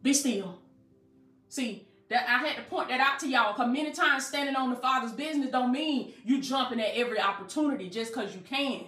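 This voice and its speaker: A woman's voice: high-pitched, brisk, hardly any pauses, bright, forceful tone, reverberant, faint music behind. A woman coach preaching motivationally, emphatic and colloquial, with call-and-response phrasing. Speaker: life coach.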